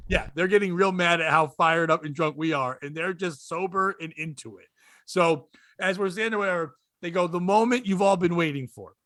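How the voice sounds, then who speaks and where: A comedian telling a rowdy story on a podcast, laughing through it. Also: male voice, a little high, a little fast, a bit bright, no room sound. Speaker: comedian guest.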